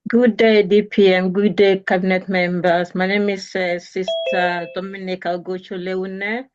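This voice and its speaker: A woman giving a formal, measured self-introduction as a department head in an online meeting. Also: mid-range voice, level tone, muffled recording, noisy background.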